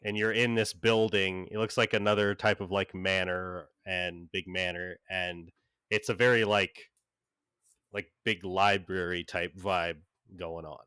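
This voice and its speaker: A man's voice: sits low, flat delivery, unhurried, pushed and bright, clean tone, dry recording, studio quality. A man running a tabletop game as game master, narrating in a rambling way full of fillers and restarts.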